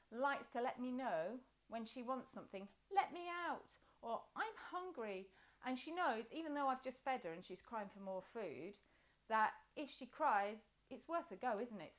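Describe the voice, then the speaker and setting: A woman guiding a children's yoga and movement class, encouraging and playful as she talks the class through each pose. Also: on the high side. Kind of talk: guided class instruction.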